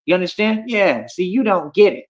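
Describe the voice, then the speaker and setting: Streamer, man, fairly high voice, cocky and confrontational, muffled lo-fi audio. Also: lively intonation, normal speed. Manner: boastful, confrontational, slangy. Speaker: livestreamer. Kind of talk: livestream rant at chat.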